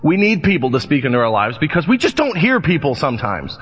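Male pastor, fairly high voice, animated sermon storytelling with acted-out voices; long church echo, dull lo-fi sound. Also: fast, slight background noise. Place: church sanctuary.

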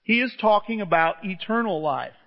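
A middle-aged man preaches a sermon in a church hall, telling stories in a conversational, enthusiastic way. His voice sits high with lively intonation at a normal speed. The recording is muffled, with a long church reverb.

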